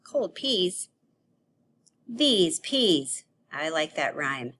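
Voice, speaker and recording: A woman teaching a children's grammar lesson on video, playful and animated, acting out example sentences. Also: lowish voice, drawn-out words, pauses often.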